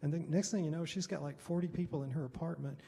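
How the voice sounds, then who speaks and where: Man, pastor, conversational storytelling, mellow gravelly voice, middle-aged. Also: a little high, steady tone, fast talker. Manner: conversational, rambling, with chuckles. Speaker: Baptist pastor and missionary. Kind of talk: storytelling talk at a Bible study. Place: church hall. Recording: reverberant hall.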